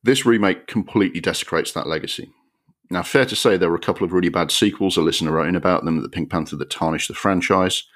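Sweary, exasperated deep-voiced man. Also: fast talker, a bit bright. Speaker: podcast host. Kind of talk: ranting film review.

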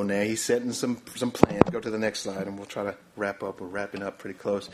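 A man's voice: on the low side, little pitch movement, quick pace, few pauses. A man preaching a sermon, often stopping to say "my, my, my" and asking for the next slide. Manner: repeats "my, my, my", calls for the next slide.

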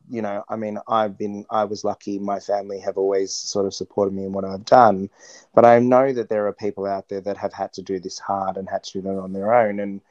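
A man talking earnestly as an interview guest, reflecting slowly with frequent restarts. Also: fairly low pitch, darkish tone, no room sound, highs cut off. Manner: earnest, searching, many restarts. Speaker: interview guest, stage performer.

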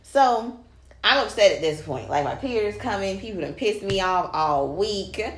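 A woman co-hosting a podcast, telling a long story in casual chat, animated and swearing freely as she quotes people. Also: medium pitch, normal speed. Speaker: podcast co-host. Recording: echoey room with faint noise.

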